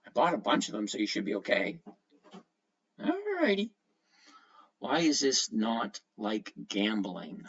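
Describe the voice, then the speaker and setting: Male livestream host, casual and lively, reads out chat, dull low-fi sound. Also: moderate pace, creaky, few pauses. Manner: chatty, greets viewers by name, reads comments aloud. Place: at home.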